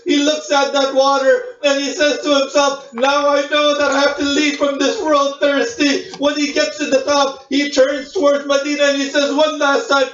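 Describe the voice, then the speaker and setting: High-voiced man preaching in an echoey hall. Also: completely flat delivery, moderate pace, hardly any pauses, a bit bright. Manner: storytelling with rhetorical questions. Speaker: religious speaker. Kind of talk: mourning sermon narration. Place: Islamic center hall. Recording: echoey, distant, dull hall recording.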